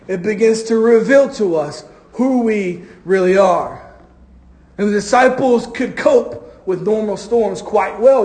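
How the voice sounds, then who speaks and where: A man's voice: sits high, a little mellow. A man preaching a sermon to his congregation, stretching key phrases for emphasis. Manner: preaching with drawn-out emphatic phrases and acted quotes. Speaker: pastor. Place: church.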